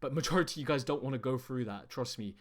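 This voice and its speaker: Young guy coaching dudes on texting, swears a ton, keeps saying bro, pitch right in the middle. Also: fast talker. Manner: blunt and heavily profane; emphatic, addresses viewers as guys and bro. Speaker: dating coach. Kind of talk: online coaching presentation.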